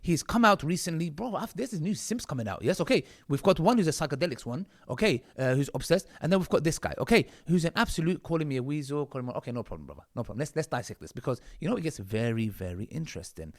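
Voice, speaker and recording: A man's voice: a little high, lively intonation, quick pace, few pauses. A man from the UK with a combative, mocking manner, commenting on video clips of his critics. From United Kingdom. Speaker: online commentator.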